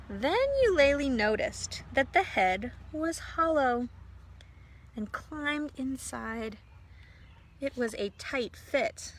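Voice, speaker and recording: A woman pastor reading a storybook aloud to children, with gentle asides to a child. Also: a little high, slight background noise.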